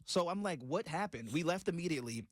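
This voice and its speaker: A man on a radio morning show telling a story in a casual, animated way and often breaking into laughter. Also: fairly high pitch, fast talker, no room sound, clean studio sound. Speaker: radio co-host. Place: radio studio.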